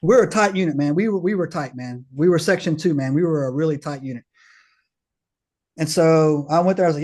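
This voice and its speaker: Male podcast guest, casual storyteller, slightly high voice, slangy and animated, acts out dialogue. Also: fast. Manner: slangy, peppers talk with "man", "bro", "right?".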